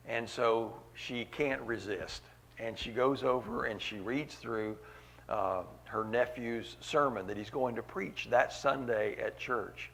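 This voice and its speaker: A man's voice: medium pitch, creaky, fairly bright tone, slight background noise. A man preaching a sermon at a church meeting, earnest, repeating key phrases for weight.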